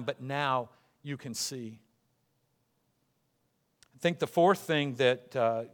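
A man's voice: mid-range voice, a bit bright. A man preaching a sermon, emphatic and repetitive, acting out the voices he quotes. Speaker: pastor.

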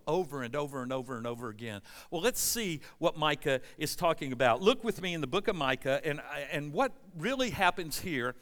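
Bright-voiced pastor in a reverberant hall. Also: male voice, fairly high pitch. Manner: storytelling, asks the congregation questions. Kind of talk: conversational sermon. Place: church sanctuary.

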